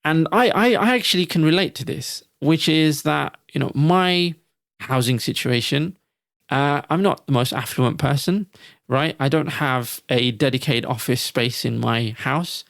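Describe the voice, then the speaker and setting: A man co-hosting a casual podcast, his voice carrying a gravelly fry. He talks in a reflective, hesitant way and often restarts his sentences. The sound is dry and close, with no room around it. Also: a little high, unhurried, a bit bright, no echo. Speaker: podcast co-host.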